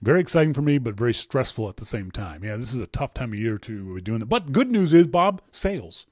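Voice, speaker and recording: Lively, chatty male podcast host. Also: mid-range voice, brisk, dry recording, studio quality. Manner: chatty and teasing, laughs often, many restarts. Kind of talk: casual call-in show, reading listener emails.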